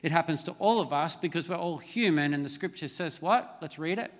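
A man's voice: on the high side, brisk, hardly any pauses, in a large hall. A middle-aged man preaching a sermon as a pastor, conversational and storytelling, with self-mocking asides. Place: large church hall.

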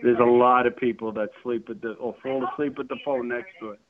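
A man's voice: mid-range voice, fairly even intonation, brisk, crowd noise. A man complaining over the phone, indignant and sputtering, repeating himself. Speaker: prank call target. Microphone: telephone. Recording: tinny phone line.

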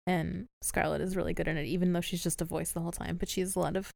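A woman's voice: fairly low pitch, steady tone, racing, creaky, a little mellow. A woman co-hosting a podcast in casual chat, chatty and laughing often as she recaps a show. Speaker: podcast co-host.

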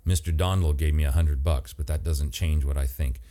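A man's voice: extremely low pitch, brisk, mellow. A man voicing a blunt, defiant young male waiter.

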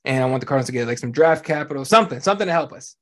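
A man's voice: mid-range voice, expressive, racing. A man hosting a sports podcast in casual chat, blunt and profane, ranting with lots of animation. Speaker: podcast host.

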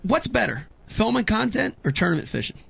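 Gravelly, bright-voiced male host. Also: high-pitched, very animated, brisk, no echo, highs cut off. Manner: enthusiastic, effusive questioner. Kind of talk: casual interview chat.

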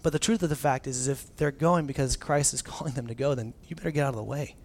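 A man preaching a conversational sermon as a pastor, casual and animated, often restarting phrases and dropping in filler words. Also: mid-range voice, fast.

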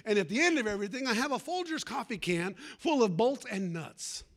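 A man's voice: high-pitched, big pitch swings, fairly quick, fairly bright tone. A man preaching a sermon, calling out for amens and telling a folksy personal story with fervor.

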